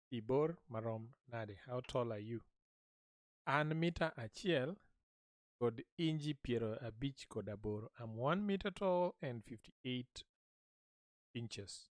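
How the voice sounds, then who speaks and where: A man gives a language lesson, speaking short phrases slowly and repeating them so listeners can say them back. His voice is medium in pitch with lively intonation.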